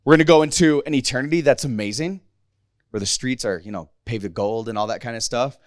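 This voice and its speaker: A man's voice: medium pitch, fast talker, no echo, studio quality. A man in his thirties giving a casual, emotional sermon to a youth group, candid and rambling with frequent restarts. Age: 30s.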